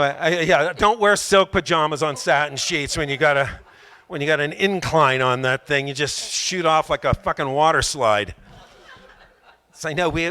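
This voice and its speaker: A man doing a rambling, self-mocking stand-up comedy set on a club stage, often slipping into loud put-on voices. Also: fairly high pitch, smooth.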